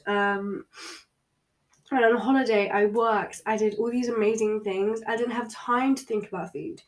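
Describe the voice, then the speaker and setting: A young woman talks openly and casually on her own podcast, full of "like" and "um". She is recorded in her bedroom, sitting a little back from the microphone. Her pitch sits in the middle range for a woman. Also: far from the mic. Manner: candid, chatty, filler-heavy. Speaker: podcast host. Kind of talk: personal solo podcast chat.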